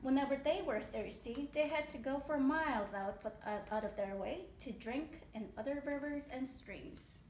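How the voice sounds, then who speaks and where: High-voiced mother reading a story aloud. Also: normal speed, hardly any pauses, slight background noise. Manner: expressive, animated storytelling. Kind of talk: children's story read-aloud. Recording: echoey room.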